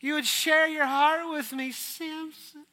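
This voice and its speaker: A man's voice: very high voice, flat delivery, slow, sharp tone, pitched above the performer's own voice, exaggerated voice. A man putting on a wheedling young woman. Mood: pleading. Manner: wheedling and pleading. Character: scheming young woman coaxing her lover.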